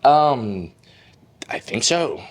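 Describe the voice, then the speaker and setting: A man's voice: mid-range voice, drawn-out words. Guy in his 20s, chatty guest, lots of likes and laughs. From Colombia. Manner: animated, laughing, lots of "like" fillers. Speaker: podcast guest. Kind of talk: casual interview storytelling.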